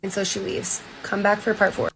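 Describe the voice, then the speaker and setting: A young woman streamer casually retelling a diary, often dropping her voice low and flat for the quotes. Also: brisk, creaky, music in the background, low-quality recording. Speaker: streamer reading a diary aloud. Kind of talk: casual reaction chat, retelling a story.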